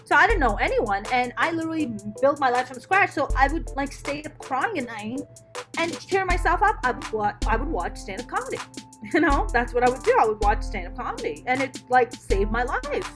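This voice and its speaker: A middle-aged woman, a stand-up comedian, telling her life story as a podcast guest in a candid, profane, animated way. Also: high voice, fairly quick, over music. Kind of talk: casual interview storytelling.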